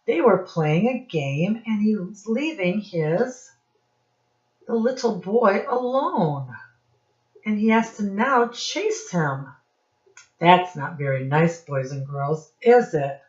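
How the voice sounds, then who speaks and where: A woman teacher reading a picture book aloud to young children, asking them questions in a slow, sing-song teacherly way. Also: on the low side, animated, darkish tone, highs cut off.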